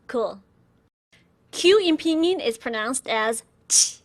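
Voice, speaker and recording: A woman teaching pinyin pronunciation, demonstrating each sound slowly and repeating syllables for learners. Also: sits high, expressive. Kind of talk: slow instructional pronunciation lesson.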